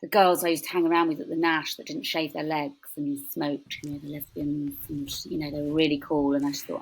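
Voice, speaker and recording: A woman in her forties, a podcast guest, talks in a low, husky voice with a gravelly edge. She chats casually and tells animated stories. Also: brisk, rough recording. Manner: chatty, animated storytelling with quoted voices. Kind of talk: casual chat.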